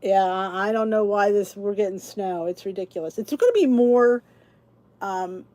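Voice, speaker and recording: A middle-aged woman from New Jersey hosts a relaxed live chat, greeting viewers by name and laughing easily as she talks. Her voice is warm and mellow. The sound is dry and close, with no room echo. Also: mid-range voice, normal speed. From New Jersey, USA. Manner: chatty, answers viewers by name, laughs often. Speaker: channel host. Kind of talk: casual livestream chat.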